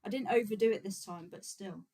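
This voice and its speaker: A woman talks casually to her livestream viewers, in a relaxed, rambling way with plenty of fillers. Her voice sits at a middle pitch, neither high nor low for a woman. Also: a little fast, low-quality recording. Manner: chatty and relaxed, many fillers, frequent laughs. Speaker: vegan activist livestream host.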